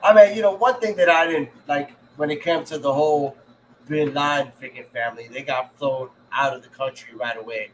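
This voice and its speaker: A man's voice: a little high, a little fast, a little hiss or hum, poor audio. A man in casual podcast chat, telling rambling, crude stories with fillers and laughs. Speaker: podcast co-host.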